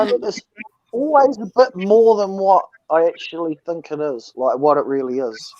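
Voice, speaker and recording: A man's voice: a little high, normal speed, a little mellow. A man in his forties chatting casually over a phone call, rambling and hesitant. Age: 40s. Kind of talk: casual chat.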